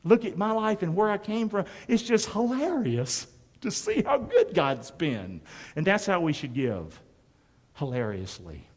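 A man's voice: high voice, very animated, a little slow, long reverb tail. A man preaching a sermon as pastor, emphatic and drawing the congregation to respond. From North Carolina.

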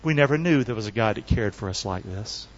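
A man pastor preaching an animated sermon, drawing the congregation into call-and-response. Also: fairly low pitch, brisk. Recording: slightly dull lo-fi sound.

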